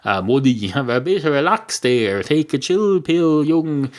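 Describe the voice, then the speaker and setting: A man's voice: fairly high pitch, sing-song, unhurried, voice pushed up. A man voicing a polite, long-winded talking male cat who speaks in a genteel, pedantic way, in a comedy podcast sketch.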